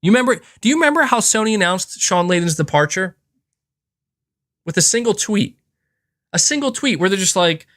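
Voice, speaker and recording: A man's voice: sits high, expressive, fairly quick, pauses often, fairly bright tone. A man hosting a podcast, talking in a casual, frustrated rant with lots of fillers and restarts. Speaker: podcast host. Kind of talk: casual opinionated chat.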